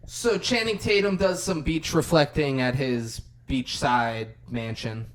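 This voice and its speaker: This podcast co-host speaks at a medium pitch, a little slowly, with fairly even intonation. In a relaxed movie recap, he retells the film's scenes and performs the characters' dialogue, swearing a lot.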